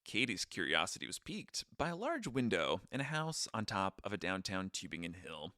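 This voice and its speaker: A man's voice: sits low, huge pitch swings, normal speed, sharp tone, dry recording, studio quality. A young man co-hosting a podcast, telling a travel story in casual chat with goofy impressions and a read-from-notes stretch. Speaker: podcast co-host.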